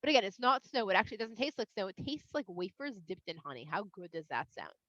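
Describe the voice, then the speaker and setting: A woman from Toronto, telling a kids' story in an animated, expressive way with playful asides. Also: medium pitch, fast, no echo. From Toronto, Canada. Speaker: children's Bible storyteller. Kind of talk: storytelling for kids. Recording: slightly dull, dry sound.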